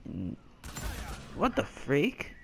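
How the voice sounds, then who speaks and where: Goofy high-voiced young male gamer. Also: huge pitch swings, very slow, a little hiss or hum. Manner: goofy, shouting and laughing, teasing with silly names. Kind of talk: playful gaming chat with a friend.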